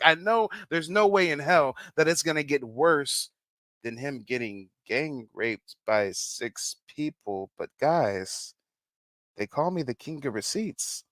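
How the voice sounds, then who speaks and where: A man's voice: a little high, expressive, slow pace, a bit bright, no room sound. A man hosting a reaction commentary stream. He talks in a theatrical, teasing way and keeps calling out to his viewers. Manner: theatrical, teasing, repeats "guys" and "Mike".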